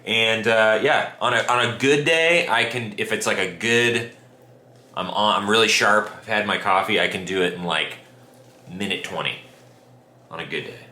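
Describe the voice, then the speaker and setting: A man's voice: on the low side, moderate pace. A man co-host chatting casually, rambling with lots of "like" and "uh". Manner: relaxed rambling with fillers and restarts. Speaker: vlog co-host. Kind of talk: casual chat. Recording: echoey room, faint noise.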